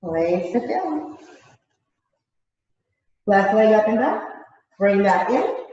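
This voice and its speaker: A woman leading a yoga class, chatty and relaxed, laughing at herself and a little out of breath. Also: mid-range voice, slow, very echoey, far from the mic, muffled recording. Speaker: yoga instructor. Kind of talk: guided yoga class instruction. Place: yoga studio.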